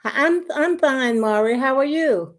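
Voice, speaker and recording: A woman's voice: high-pitched, expressive, unhurried. An older woman chatting casually on a live stream, homey and talkative, calling her viewers y'all, a little out of breath. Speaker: vlogger.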